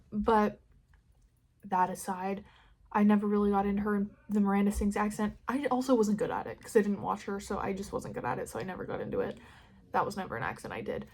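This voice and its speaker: A young Californian woman talks straight to her listeners in a loose, rambling solo podcast. She swears freely and swings from loud bursts to quiet mutters, with a middle-range voice that is neither high nor low. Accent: Californian American. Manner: rambling, candid, sweary, dramatic swings in loudness. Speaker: podcast host. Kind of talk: casual solo podcast chat.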